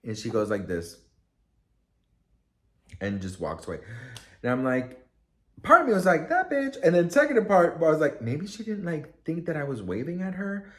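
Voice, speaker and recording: A man telling a story casually to camera, chatty and expressive, acting out quotes with lots of fillers. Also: fairly high pitch, normal speed, long pauses. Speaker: vlogger and storyteller.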